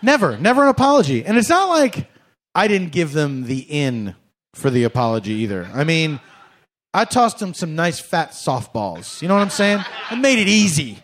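A man's voice: on the high side, big pitch swings, moderate pace, fairly bright tone. A man doing a comic monologue, sarcastic and mock-formal, often laughing as he talks. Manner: laughs through his words. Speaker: comedian.

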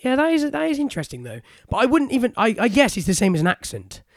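Brief: young British podcast host, high and animated, dry close mic. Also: male voice, fast, no room sound. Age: 20s. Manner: lively, inquisitive, laughs often. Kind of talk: casual chat.

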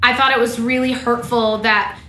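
A woman's voice: fairly high pitch, flat delivery, normal speed, bright, forceful tone, reverberant, a little hiss or hum. A woman co-hosting a podcast in casual chat, animatedly acting out characters' lines as she recaps a TV drama. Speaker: podcast co-host.

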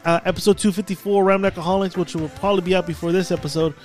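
Man, podcast host, casual banter, crude, laughing, high voice, faint music behind. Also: fairly even intonation, racing, darkish tone.

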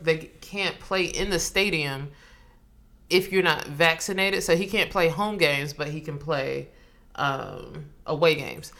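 Female co-host, casual banter, crisp bright tone, slightly low pitch, quick to laugh. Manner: laughs often, animated storytelling. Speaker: podcast co-host. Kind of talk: casual chat.

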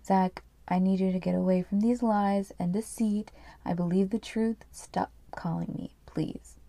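Woman voicing a firm wife cutting her husband off, mellow low tone. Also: fairly even intonation, a little slow, vocal fry, no room sound.

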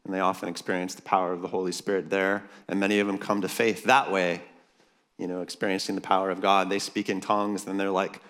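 A man delivers a sermon in a somewhat low voice, emphatic and good-humored as he calls the crowd for amens. His voice rings through a large hall with a long reverb tail. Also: flat delivery, quick pace, fairly bright tone. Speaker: pastor speaking at a leaders' conference.

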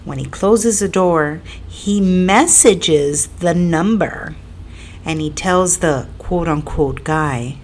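A woman's voice: lowish voice, slow, darkish tone. A woman telling a personal story in a casual, rambling way, repeating herself with fillers and building to emphatic, indignant stretches.

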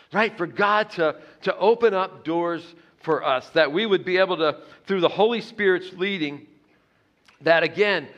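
An earnest male pastor delivers a sermon in a bright, ringing voice that sits a little high for a man. He repeats himself as he builds a point and lets his voice drop softly on the key phrases. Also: lo-fi sound.

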